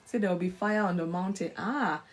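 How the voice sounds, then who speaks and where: On a live faith talk show, a woman host with a lowish voice tells a story a little fast, acting out imagined dialogue with animation. Her devotional talk turns preacherly as she quotes scripture.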